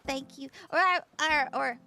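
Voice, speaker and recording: A woman's voice: high-pitched, normal speed, gravelly, pushed and bright, soft background music. A bubbly, giggly woman chatting casually with her livestream audience as a tarot reader, just woken up. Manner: bubbly, giggly, greets chat by name. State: just woke up.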